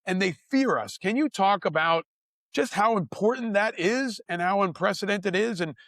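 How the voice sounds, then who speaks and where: A man's voice: high-pitched, expressive, moderate pace, fairly bright tone, no echo, studio quality. A man hosting a podcast, earnestly building a long interview question with repeated phrases. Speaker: podcast host.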